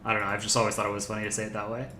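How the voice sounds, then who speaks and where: A man casually commenting on fan art during a live stream, relaxed and rambling with lots of fillers. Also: fairly low pitch, racing, roomy sound, slight background noise.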